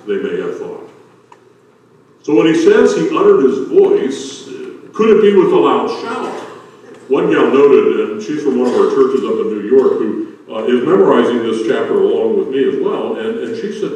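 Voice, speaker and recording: Older male pastor, loud booming voice, folksy humor, recorded far off in a roomy church. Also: very animated, moderate pace. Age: 60s. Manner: folksy, joking storyteller. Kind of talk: sermon. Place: church sanctuary. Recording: very echoey, distant church room.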